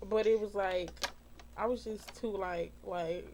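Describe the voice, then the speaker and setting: A woman's voice: mid-range voice, fairly even intonation, a little slow, a little mellow, slight background noise. A woman co-hosting a podcast in casual chat, blunt and joking. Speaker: podcast co-host.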